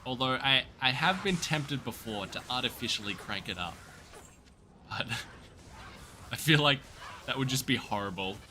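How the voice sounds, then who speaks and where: A man's voice: mid-range voice, expressive, a little slow, pauses often, background noise. An Australian man chatting casually with viewers while livestreaming a game, joking and upbeat. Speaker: streamer. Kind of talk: casual gaming livestream chat.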